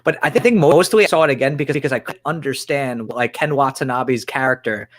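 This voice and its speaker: A man reviewing movies on a livestream, excitable and full of restarts. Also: mid-range voice, quick pace, dry recording. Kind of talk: casual livestream chat.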